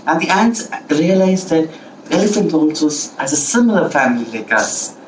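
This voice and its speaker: A man's voice: fairly high pitch, big pitch swings, moderate pace, distant mic, slight background noise. A man telling a folk tale to children, playful, asking the listeners questions and making sound effects. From India. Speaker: storyteller. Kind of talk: live children's storytelling. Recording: echoey room, speaker away from mic.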